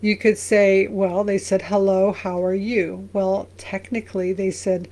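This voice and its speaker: A woman pastor who reads verses aloud slowly and then explains them in a conversational way. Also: mid-range voice, little pitch movement, warm tone. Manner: briefly sings lines of an old song. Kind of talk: Bible reading and commentary.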